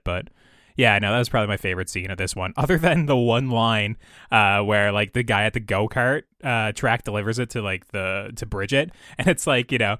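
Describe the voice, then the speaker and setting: A podcast co-host with a mid-range voice speaks briskly in a fairly bright tone. He chats casually, rambling and hesitating with lots of fillers, and the studio recording is clean with no room sound.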